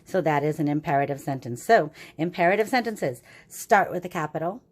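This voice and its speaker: A woman's voice: sits low, animated, a little fast. A woman teacher giving a recorded grammar lesson to young children, upbeat and patient, with a sing-song voice that keeps checking in with "right?".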